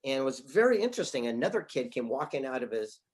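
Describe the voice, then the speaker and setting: A man's voice: mid-range voice, very animated, quick pace. A middle-aged man telling anecdotes as an interview guest, sometimes laughing through the punchlines. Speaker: guest author and speaker. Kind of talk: interview storytelling.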